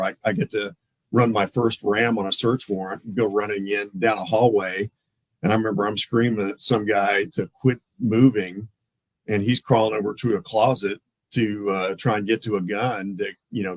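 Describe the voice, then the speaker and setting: A man's voice: fairly low pitch, moderate pace, dry recording, rough recording. A man, a police lieutenant telling stories in a casual interview and acting out the voices of the people in them. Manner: animated, acts out the voices in his stories. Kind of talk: casual storytelling in a podcast interview.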